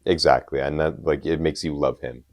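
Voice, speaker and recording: Young guy w a really low voice, podcast cohost, hyped up fan chat. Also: fairly even intonation, moderate pace, darkish tone. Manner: enthusiastic, emphatic fan talk. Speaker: podcast co-host. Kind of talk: casual chat.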